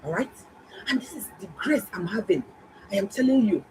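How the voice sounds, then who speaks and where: Animated woman telling a story. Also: mid-range voice, fairly quick, slight background noise, low-quality recording. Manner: animated, emphatic, exclaiming. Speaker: doctor and health vlogger. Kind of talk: casual storytelling to viewers.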